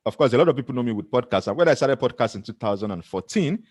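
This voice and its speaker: A man's voice: medium pitch, expressive, racing, a little mellow, no room sound. A middle-aged man with a Nigerian accent giving an earnest motivational talk to camera, often laughing at himself. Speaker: motivational speaker.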